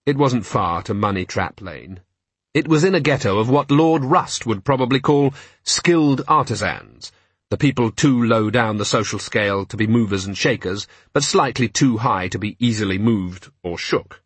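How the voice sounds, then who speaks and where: Husky male audiobook narrator. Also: lowish voice, expressive, moderate pace, no echo. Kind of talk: scripted narration.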